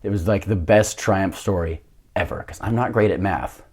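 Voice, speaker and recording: Young man, deep voice, podcast guest; lively self-mocking storyteller who swears freely. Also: normal speed, breathy edge. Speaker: podcast guest, jiu-jitsu coach. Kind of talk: casual storytelling.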